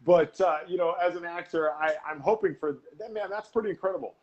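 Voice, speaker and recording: A man's voice: on the high side, a little fast, a little mellow, muffled recording. A man hosting a casual interview, chatty and eager with his questions. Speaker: host.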